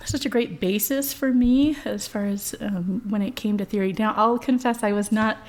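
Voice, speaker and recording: A woman's voice: medium pitch, moderate pace, darkish tone. A woman in her thirties, a voice professor being interviewed, talking chattily with many fillers and easy laughter. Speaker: voice professor, guest. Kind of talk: conversational interview.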